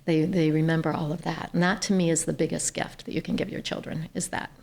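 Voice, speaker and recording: A woman from Ohio with a low, gravelly voice, guesting on a podcast. She tells her stories earnestly and with animation, talking as the head of a nonprofit. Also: level tone, fast talker, darkish tone. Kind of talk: podcast interview, storytelling.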